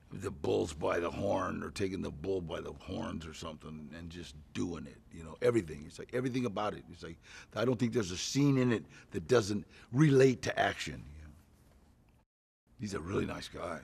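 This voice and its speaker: A man's voice: low-pitched, moderate pace, gravelly, breathy edge. A man, an actor, chatting casually in a press interview, telling rambling anecdotes with frequent "you know" and chuckles. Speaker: actor promoting a film.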